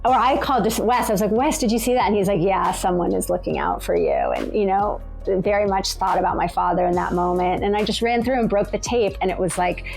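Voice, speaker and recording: A middle-aged woman telling a personal story in a reflective, halting way, full of fillers and restarts. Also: medium pitch, expressive, darkish tone, faint music behind. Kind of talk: personal story told aloud.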